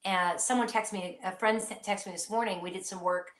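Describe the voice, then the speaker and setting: A woman's voice: mid-range voice, fairly even intonation, a little fast, reverberant. A woman hosting a live psychic question-and-answer stream, speaking earnestly and reassuringly straight to her viewers.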